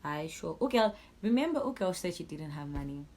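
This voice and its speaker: Give me a young Swazi woman with a deep voice, telling an angry storytime vlog. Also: a little fast. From Eswatini. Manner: angry, animated, swears a lot, switches into siSwati. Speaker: YouTuber.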